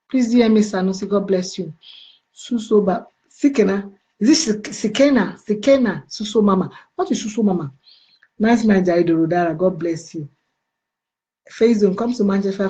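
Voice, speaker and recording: Reading comments on her UK live stream, a middle-aged Nigerian-accented woman playfully greets viewers by name and offers them blessings in a chatty, casual way. Her voice is mellow and medium in pitch.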